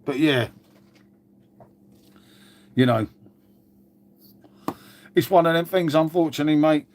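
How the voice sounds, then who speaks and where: Glum sweary man, slightly high voice. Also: slow pace, darkish tone. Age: older. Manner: glum, swears often, addresses viewers as mate. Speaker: channel host. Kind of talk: casual live chat to viewers.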